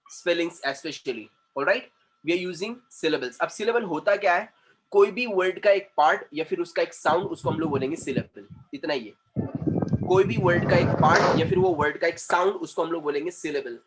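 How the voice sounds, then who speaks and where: A man with an Indian accent teaching an English lesson, who repeats words slowly and switches into Hindi to explain. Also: high-pitched, a bit bright, slight background noise, low-quality recording. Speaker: communication trainer.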